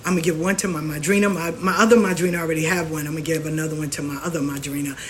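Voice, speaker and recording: Animated woman ranting frankly. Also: low voice, rapid-fire, slight background noise. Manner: animated, frank, rants and mimics others. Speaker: spiritual practitioner and show host. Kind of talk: casual monologue to camera.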